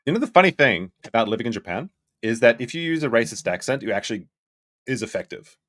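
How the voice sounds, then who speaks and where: A man commenting on a live stream, reading chat messages aloud in a skeptical, blunt way and thinking out loud. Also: medium pitch, sing-song, quick pace, dry recording, studio quality. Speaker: streamer reacting to a documentary.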